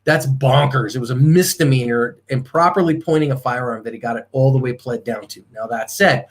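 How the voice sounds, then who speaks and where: A man's voice: mid-range voice, brisk. A man giving a live self-defense seminar as the instructor, talking emphatically with fillers and restarts.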